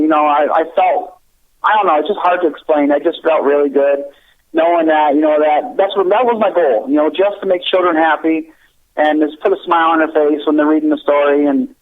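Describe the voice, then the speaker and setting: A man who writes children's books, talking earnestly as a radio guest with many halting restarts. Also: fairly high pitch. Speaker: children's book author, guest. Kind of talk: casual interview chat. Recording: tinny phone line.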